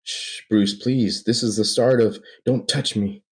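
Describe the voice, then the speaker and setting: A man voicing a calm, coaxing male asylum doctor who speaks overly gently. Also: fairly low pitch, unhurried, voice pushed up.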